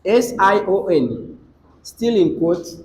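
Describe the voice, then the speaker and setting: Slow high-voiced Nigerian teacher. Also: male voice, big pitch swings, a little mellow, a little hiss or hum, poor audio. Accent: Nigerian English. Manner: dictates rules slowly and repeats them, quizzing students. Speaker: English teacher. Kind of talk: classroom lesson. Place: classroom with students.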